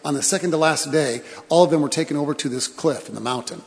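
Gravelly man preaching in reverberant church. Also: fairly high pitch. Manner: storytelling, with pauses for emphasis and repeated phrases. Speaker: pastor. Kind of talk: sermon. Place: church sanctuary.

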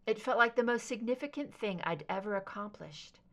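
A woman voicing a calm, firm female FBI agent in an audiobook, speaking steadily and low. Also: brisk, close to an everyday voice. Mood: steady.

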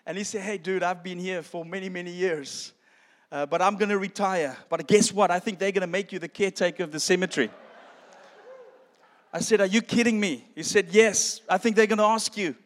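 A South African preacher with a high voice gives a sermon testimony at a brisk pace and steady tone. He tells his story with self-deprecating humor and calls his listeners friends, and the recording has a long hall reverb.

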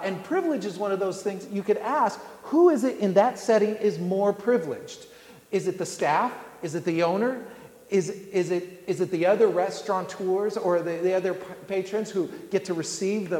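A man's voice: high-pitched, a little mellow. A man telling stories in a sermon, rambling with frequent restarts and fillers. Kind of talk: sermon storytelling. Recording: echoey hall with long reverb.

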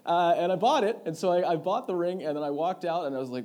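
Animated young male youth pastor. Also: mid-range voice, fast talker. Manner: animated storyteller, swings loud and excited then quiet and earnest. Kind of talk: sermon with personal story.

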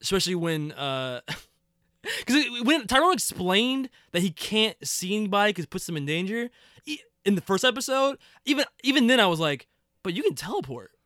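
A man with a high, very animated voice chats about a TV show in a loose, joking way, laughing often. His tone is bright and sharp. The sound is dry and close, with no room in it. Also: brisk, no echo. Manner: laughs often, acts out lines in funny voices. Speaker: podcast co-host. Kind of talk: casual TV review chat.

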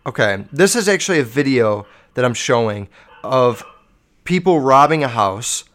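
A man talks through a solo podcast episode in a loose, casual way. He swears freely, gets animated, and slips into quick acted-out voices as he tells the story. His voice sits at an ordinary middle pitch. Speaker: podcast host.

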